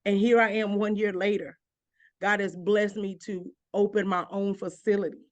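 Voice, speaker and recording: A woman from Georgia, a guest and minister telling her personal story in an interview with passionate, repetitive phrasing that climbs in pitch as she gets stirred. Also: little pitch movement, normal speed, dry recording. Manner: impassioned, repeats phrases, voice climbs when stirred. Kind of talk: emotional personal testimony.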